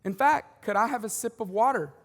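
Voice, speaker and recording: A man preaching a sermon as pastor, conversational and animated, with joking asides. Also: very high voice, a little fast, big-room sound. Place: large church auditorium.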